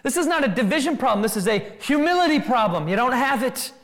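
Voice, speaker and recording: Speaking quickly in a high voice, this preacher works through an expository sermon with animation, rattling off rhetorical questions and performing the voices he quotes.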